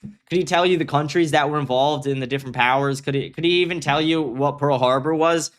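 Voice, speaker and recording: A young man with a slightly high voice hosts a casual commentary stream. He talks bluntly and swears often. He rambles with frequent restarts and reads viewer comments aloud. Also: fairly even intonation, fairly quick. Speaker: livestream host.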